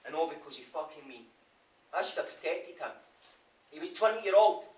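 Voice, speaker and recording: Fairly high-pitched, animated and fairly quick, this Scottish-accented stage actor's natural voice carries a little hiss or hum. He plays a remorseful prisoner in a theatre monologue, raw, brooding, guilt-ridden and swearing constantly. The recording is live from the stage, roomy and distant.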